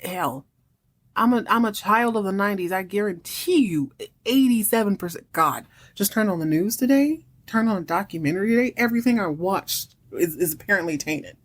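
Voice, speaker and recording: A woman's voice: mid-range voice, expressive. Woman, thirties, podcast host, casual recap, wry, chatty. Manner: chatty and wry, acts out characters' lines in quick voices.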